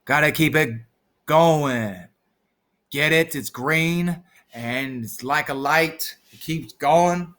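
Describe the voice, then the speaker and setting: A man's voice: fairly high pitch, slow, a bit bright. A man vlogging to his viewers, rambling goofily and freestyling rhymes off the top of his head. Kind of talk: rambling freestyle vlog chat.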